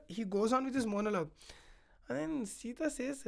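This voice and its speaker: A woman's voice: a little high, fairly quick, gravelly. A woman on a podcast retelling an epic story in casual chat, acting out the quoted lines and filling her talk with "like". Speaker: podcast guest.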